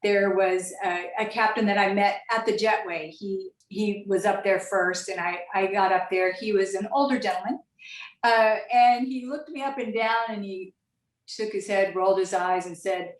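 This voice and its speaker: A woman's voice: mid-range voice, steady tone. Woman on a distant echoey line. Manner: measured storytelling, frequent restarts. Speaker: retired airline captain, guest. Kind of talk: interview answers over a call.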